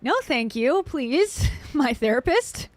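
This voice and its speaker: A woman's voice: high-pitched, lively intonation, takes it slowly. A woman hosting a reaction commentary, talking in a wry, skeptical way. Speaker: commentary host.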